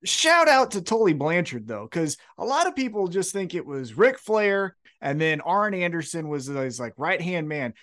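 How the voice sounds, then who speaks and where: A man's voice: on the high side, big pitch swings, moderate pace, few pauses, fairly bright tone. Swearing, opinionated male podcast co-host. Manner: profane, opinionated ranting. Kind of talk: casual wrestling podcast chat.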